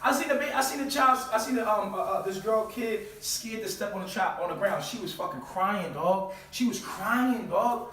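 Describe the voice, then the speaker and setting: A man's voice: high voice, moderate pace, hardly any pauses, sharp tone. A man hosting his own channel, giving a profane, preachy lecture full of rhetorical questions. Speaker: channel host. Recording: very echoey room, far from mic.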